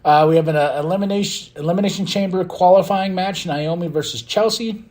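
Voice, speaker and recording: A man hosting a podcast, recapping wrestling in a casual, excitable way and acting out quotes in loud bursts. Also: sits high, fairly quick. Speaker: podcast host.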